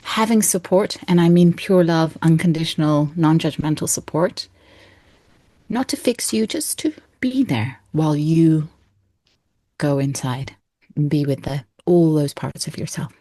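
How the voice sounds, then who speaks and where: Earnest woman coach in her 30s, lowish voice, laughs a lot, dry sound. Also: unhurried, no echo. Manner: earnest, expressive, laughs often. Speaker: guest coach. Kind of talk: heartfelt interview talk.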